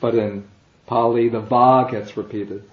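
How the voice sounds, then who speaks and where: A man teaching a language class, explaining slowly and patiently, step by step. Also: mid-range voice, fairly even intonation. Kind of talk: classroom lecture. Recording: dull, echoey classroom recording.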